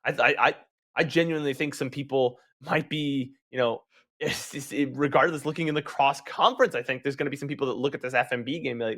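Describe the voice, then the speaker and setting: A man's voice: mid-range voice, steady tone, fast, a bit bright. A man giving colour commentary on an esports match, breaking down the game in a casual, chatty way with many restarts. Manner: casual, analytical, with fillers and restarts.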